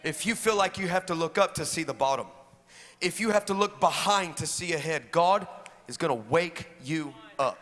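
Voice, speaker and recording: A pastor delivering an energetic, humorous sermon that swings into shouting. His voice is high and bright, carried by a long reverb in a large church hall with faint noise behind. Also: moderate pace.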